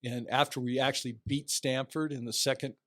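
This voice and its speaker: A retiring athletic director in his sixties, a guest in a casual interview, tells animated anecdotes and briefly mimics other people's voices. He speaks a little fast at medium pitch, recorded dry with studio quality.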